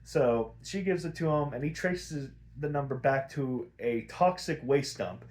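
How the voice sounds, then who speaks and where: A man's voice: medium pitch, measured pace. A young man casually recapping a cartoon episode, rambling and swearing, acting out the characters' lines as he goes. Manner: rambling, profane, animated retelling with acted quotes. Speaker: podcast host.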